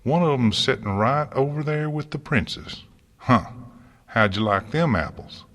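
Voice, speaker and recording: A man's voice: mid-range voice, a little slow, long reverb tail, pitched above the performer's own voice, close to an everyday voice. Applejack, a man doing a hot-tempered country mare. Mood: combative. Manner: barking, folksy, cooing when soft.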